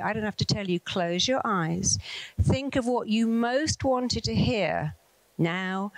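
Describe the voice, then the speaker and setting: A woman's voice: medium pitch, no echo, low-quality recording. Earnest woman coaching an audience. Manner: earnest, slows down for repeated affirmations. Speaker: therapist and motivational speaker. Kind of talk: speaking to an audience, guiding an exercise.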